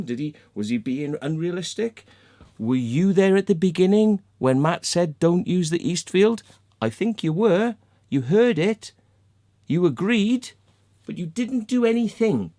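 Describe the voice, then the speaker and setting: A man's voice: on the high side, dark tone. A man ranting angrily to camera, swearing heavily and mocking the people he quotes. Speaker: vlogger. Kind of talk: angry rant to camera.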